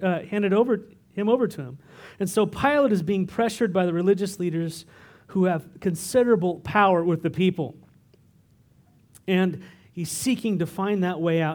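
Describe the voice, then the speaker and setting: Man, fairly high voice, conversational sermon, chatty asides, relaxed teaching. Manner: conversational, explains the text with asides and fillers. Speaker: pastor. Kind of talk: expository sermon.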